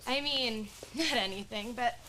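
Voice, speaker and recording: A woman's voice: on the high side, a little slow, bright, forceful tone. A young actress performing a stage comedy monologue as a nervous, eager woman at an audition, rambling and giggly with lots of fillers. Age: young adult. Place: acting studio stage before an audience. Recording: noticeable background noise.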